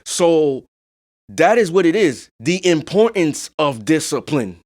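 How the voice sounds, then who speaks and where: A podcast host talks in a casual monologue, his voice on the high side with big pitch swings, slow and darkish. He's blunt and emphatic, swears freely, and keeps asking "you know what I'm saying."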